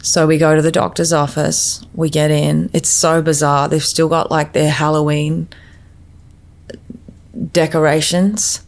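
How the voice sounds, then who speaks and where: Low, gravelly-voiced woman recounting a loss. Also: level tone. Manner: halting, with frequent restarts. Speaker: podcast guest. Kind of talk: personal storytelling.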